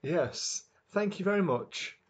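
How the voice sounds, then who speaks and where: A man's voice: sits high, expressive, slow. A man co-hosting a podcast in casual chat, joking and laughing often. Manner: jokey, laughs often, playful wordplay. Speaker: podcast co-host.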